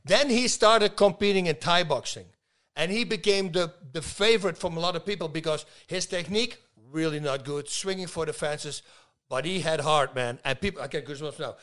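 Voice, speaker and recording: A man in his fifties, a guest telling stories in casual talk, lively and laughing, acting out the people he quotes. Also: fairly high pitch, moderate pace. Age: 50s. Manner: animated, laughs a lot, acts out dialogue. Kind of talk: casual storytelling.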